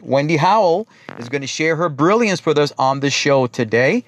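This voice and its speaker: A man's voice: fairly high pitch, dry recording. A man with a New York accent hosting a business talk show, introducing guests in an upbeat, emphatic way.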